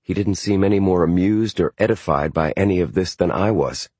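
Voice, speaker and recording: A man narrating a novel in the first person in a measured way. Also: deep voice, darkish tone, husky, no echo. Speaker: audiobook narrator. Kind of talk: scripted narration.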